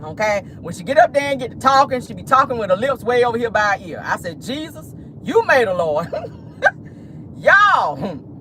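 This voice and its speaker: Sassy, animated gossip vlogger in a car. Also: mid-range voice, fairly quick, a little hiss or hum. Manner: sassy and animated, laughs often. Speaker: vlogger and gossip show host. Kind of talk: celebrity gossip commentary.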